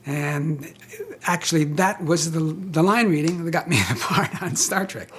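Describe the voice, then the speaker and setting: Older man telling anecdotes haltingly. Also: fairly high pitch, a bit bright, a little hiss or hum. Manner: chatty, halting with fillers, chuckling. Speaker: interviewee, actor. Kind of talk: anecdotal interview.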